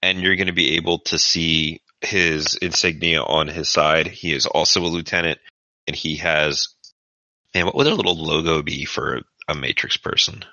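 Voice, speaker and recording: A man's voice: very deep voice, normal speed, bright, forceful tone, no echo, muffled recording. A man serving as game master who narrates a tabletop game in a casual, descriptive way.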